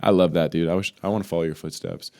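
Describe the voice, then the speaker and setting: Deep-voiced man from Wisconsin, joking. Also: steady tone, quick pace, vocal fry, warm tone. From Wisconsin, USA. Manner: joking, loose and rambling. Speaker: podcast co-host. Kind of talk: casual chat.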